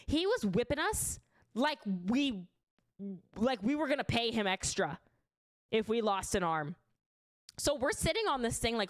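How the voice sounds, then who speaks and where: A young woman telling a funny story in casual chat, animated, full of "like" fillers and swearing. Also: fairly high pitch, moderate pace. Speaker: streamer.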